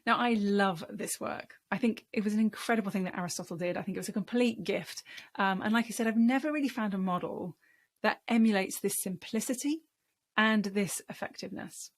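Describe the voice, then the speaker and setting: A woman gives a speaking-tips lesson straight to camera. Her delivery is emphatic and encouraging, the voice of a coach. She sits at a medium pitch. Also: brisk.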